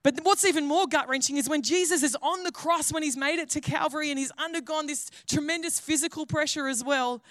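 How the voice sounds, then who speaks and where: Woman pastor, high voice, dry close sound, earnest conversational sermon. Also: fairly quick, few pauses, a bit bright, no room sound. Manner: earnest, conversational preaching with restarts.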